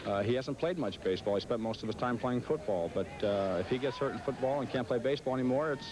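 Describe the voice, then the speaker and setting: A man's voice: mid-range voice, fast talker. A man in a baseball interview clip, earnest and hesitant with many fillers. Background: crowd.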